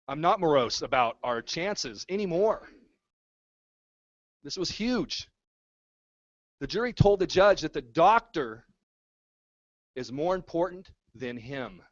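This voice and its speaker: A man with a slightly raised pitch delivers a fervent, repetitive rallying speech at a community town hall. The sound is dry and close, with a somewhat dull, low-fidelity tone. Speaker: activist speaking at a town hall. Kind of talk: impassioned public speech. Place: town hall meeting room.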